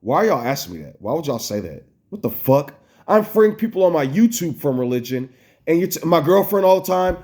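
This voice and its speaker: A man's voice: a little high, very animated, fairly quick, darkish tone. An American man venting in a personal vlog, upset, rambling and swearing as he talks. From United States. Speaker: vlogger. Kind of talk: emotional personal vlog rant.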